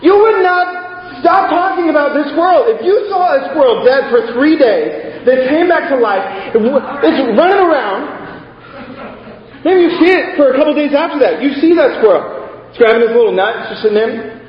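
High-voiced animated preacher in an echoey hall. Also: male voice, moderate pace, muffled recording. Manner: animated storytelling, rising to excited exclaims. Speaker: pastor. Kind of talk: sermon.

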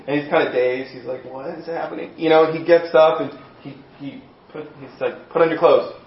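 A man preaching a sermon as pastor, telling the story with lively acted-out voices. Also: on the high side, moderate pace, a little hiss or hum. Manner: animated storytelling, acting out voices. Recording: echoey room, dull sound.

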